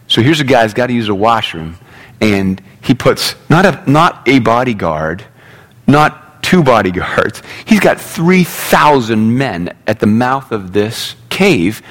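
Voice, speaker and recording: A man preaching a sermon in a casual, animated storytelling way, acting out the characters' lines as he goes. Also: mid-range voice. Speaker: pastor.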